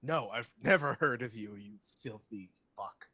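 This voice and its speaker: A man's voice: medium pitch, moderate pace, pushed and bright, no echo. A man voicing a hostile male prisoner who is curt and insulting, recorded on dull lo-fi audio. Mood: contemptuous.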